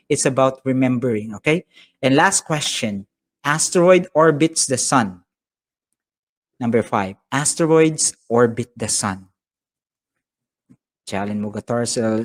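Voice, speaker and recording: A man with a Filipino accent teaching an online science class, upbeat and chatty as he reads out viewers' comments and mixes in Tagalog phrases. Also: medium pitch. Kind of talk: live-streamed online lesson.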